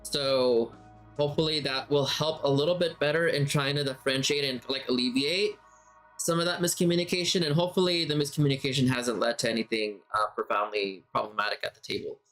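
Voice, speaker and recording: A game master teacher gives a casual spoken lesson on running tabletop games, thinking aloud and rephrasing as he talks. His medium-pitched voice is fairly quick and fairly bright, with faint music behind him.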